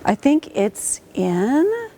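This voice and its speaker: A woman coaching a student orchestra in a school auditorium, lively and encouraging, asking the players lots of questions. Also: high-pitched, drawn-out words, a little hiss or hum. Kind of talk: rehearsal coaching.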